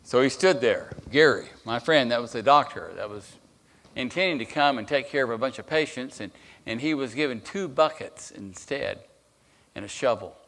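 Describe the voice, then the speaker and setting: A man's voice: mid-range voice, animated, normal speed, fairly bright tone. A man preaching as a guest speaker, telling a story in a sermon with restarts and filler words.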